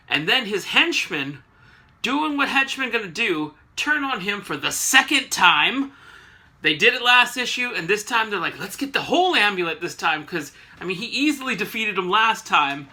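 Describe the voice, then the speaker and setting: Sarcastic man recapping comics, bright voice. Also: high-pitched. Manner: sarcastic, joking asides. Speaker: comic book reviewer.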